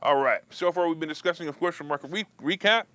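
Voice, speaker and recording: Fast and forceful, with a bright tone on a dry recording, this stock market talk show host riffs live on finance and politics. His loose, joking chat with viewers is full of restarts and asides, and he imitates opponents in a whiny, high-pitched voice.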